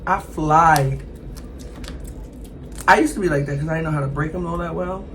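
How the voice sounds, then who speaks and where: A woman chats casually with her viewers while she eats. She is emphatic and animated and speaks straight to the camera. There is a faint hiss of noise behind her. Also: low-pitched, moderate pace, rough recording. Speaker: mukbang host. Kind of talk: casual chat while eating.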